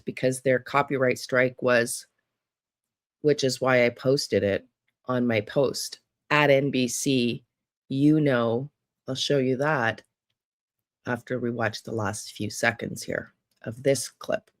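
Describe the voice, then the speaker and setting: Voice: medium pitch, steady tone, slow, no room sound, clean studio sound. An American true crime psychic host talking casually to viewers in a rambling monologue full of restarts and trailing asides.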